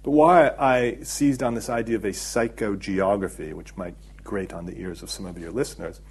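A middle-aged man speaks in a low, husky voice as an interview guest. He explains his ideas at length in a reflective, measured way and often pauses on fillers while he thinks. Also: fairly even intonation, a little mellow. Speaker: documentary filmmaker, interview guest.

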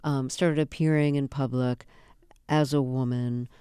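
An interview host asking prepared questions in a measured, careful way, using a few fillers. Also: medium pitch, fairly even intonation, mellow, clean tone, no room sound, clean studio sound.

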